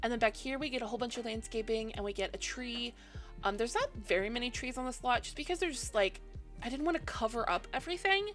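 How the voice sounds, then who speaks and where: A woman's voice: a little high, animated, fast talker, fairly bright tone, faint music behind. A woman casually narrating a game build in a chatty, self-deprecating voice-over, sleepy and yawning, laughing often.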